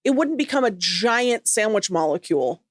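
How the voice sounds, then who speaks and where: A woman co-hosting a chat podcast, asking playful, quizzical questions with deadpan asides. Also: medium pitch, normal speed, dry recording, studio quality. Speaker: podcast co-host. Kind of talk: casual chat.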